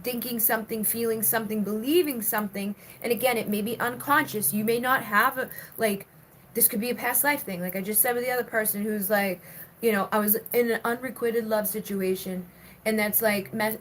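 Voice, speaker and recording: A chatty woman gives a live-stream tarot reading, reading viewer comments aloud and talking through the cards with plenty of fillers. Her voice sits a little high. A faint hiss of noise runs under the recording. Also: rough recording. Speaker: tarot reader.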